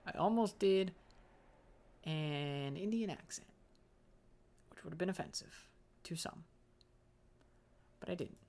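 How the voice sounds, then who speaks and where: A man's voice: a little high, animated, a little slow, gravelly, long pauses, a bit bright. Rambling young man narrating his gameplay. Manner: rambling, joking self-talk. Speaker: gaming video host. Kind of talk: casual let's-play commentary.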